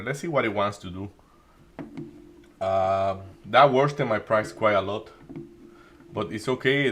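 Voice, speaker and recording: A man doing live trading commentary, thinking aloud with many restarts and halting phrases. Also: lowish voice, a bit bright, slight background noise. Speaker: day trading streamer.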